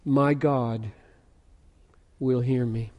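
A man's voice: mid-range voice, steady tone, drawn-out words, a little mellow. A man preaching a sermon, asking rhetorical questions and reading scripture aloud with rising, emphatic force. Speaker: pastor. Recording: long hall reverb.

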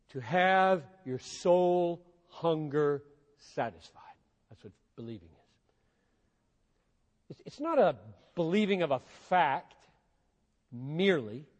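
A high-voiced man preaches with fervor, dropping low and quiet before rising into loud, pleading emphasis. His voice rings out in a large hall with a long, trailing reverb. It is the sound of a live sermon. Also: animated, slow, long pauses, dull audio. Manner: impassioned, swinging between quiet and loud emphasis. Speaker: pastor.

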